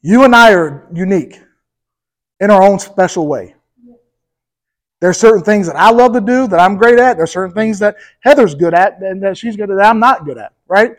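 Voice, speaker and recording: A male pastor preaching a sermon with energetic emphasis, speaking straight to the congregation and often checking in with "okay?" and "right?". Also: high-pitched, normal speed, low-quality recording. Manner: addresses the congregation directly, with repeated "okay?" and "right?".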